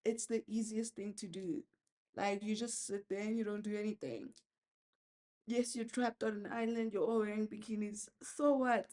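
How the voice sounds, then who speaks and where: A woman's voice: medium pitch, little pitch movement, moderate pace, dark tone. A young woman, chatting candidly and with strong opinions over a phone video call while braiding her hair. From South Africa. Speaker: vlogger. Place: at home, with ducks nearby. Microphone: phone on a video call with noise cancelling.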